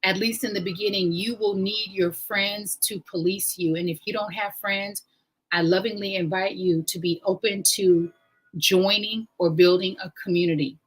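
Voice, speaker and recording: A woman hosting her own live-stream talk show, speaking in a casual, emphatic and animated way and reading aloud from a book. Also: moderate pace, slightly rough, poor audio. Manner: animated and emphatic, swings up in pitch when excited. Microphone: home live-stream mic.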